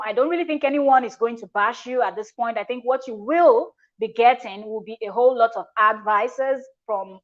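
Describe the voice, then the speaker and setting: A woman's voice: on the high side, normal speed, hardly any pauses, highs cut off. A woman hosting a reaction video, talking in a chatty, emphatic way with frequent restarts. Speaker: reaction channel host. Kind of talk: casual reaction commentary.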